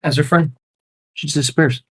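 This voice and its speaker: A man running a tabletop game as game master, narrating haltingly with many fillers and restarts. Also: fairly high pitch, fairly even intonation, a little hiss or hum.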